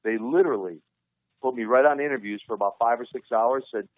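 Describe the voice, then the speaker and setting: A man's voice: mid-range voice, quick pace, dry recording. A man in his fifties from Minnesota, a guest telling stories in an interview, acting out other people's lines with energy. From Minnesota, USA. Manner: animated storyteller who acts out dialogue. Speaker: interview guest, former pro wrestler. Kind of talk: storytelling on a podcast interview. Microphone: phone call. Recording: tinny phone line.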